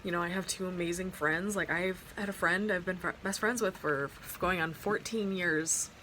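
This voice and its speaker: A young woman talks straight into her phone camera at home, pouring out a personal story in loose, rambling sentences with plenty of "like" and restarts. Her voice sits a little low for a woman, and there is faint background noise from an open window. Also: moderate pace, sharp tone. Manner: rambling, heartfelt storytelling with many fillers and restarts. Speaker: vlogger. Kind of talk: casual storytime vlog.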